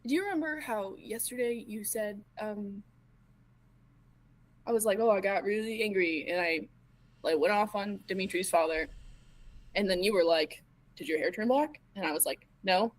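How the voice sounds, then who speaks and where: A woman, a tabletop role-playing player, retelling events in character in a halting way, with plenty of stammers, fillers and restarts. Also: mid-range voice, no echo, rough recording.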